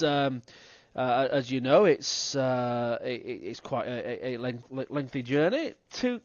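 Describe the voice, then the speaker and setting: A man's voice: mid-range voice, no room sound, dull audio. A man voicing a boisterous drunk middle-aged man at a tavern table in a tabletop game.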